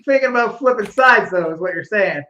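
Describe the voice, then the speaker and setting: A man in his thirties co-hosting a podcast, talking calmly and sounding amused. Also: sits high, a little fast, muffled recording. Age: 30s. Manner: calm, amused, conversational. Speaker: podcast co-host.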